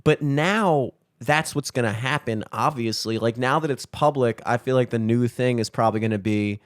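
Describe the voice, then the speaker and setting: A man's voice: mid-range voice, moderate pace, no room sound, clean studio sound. Joking profane man podcast host. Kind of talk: casual chat.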